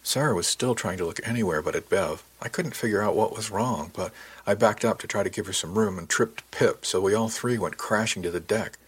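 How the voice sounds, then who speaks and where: A man narrating a first-person novel in a calm, measured way. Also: fairly low pitch, breathy edge.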